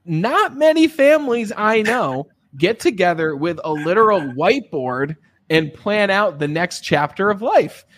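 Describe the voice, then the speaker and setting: A man hosting an interview, telling stories in a casual, animated way and often checking in with his guest. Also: high-pitched, unhurried. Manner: animated storyteller, frequent tag questions. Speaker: podcast host.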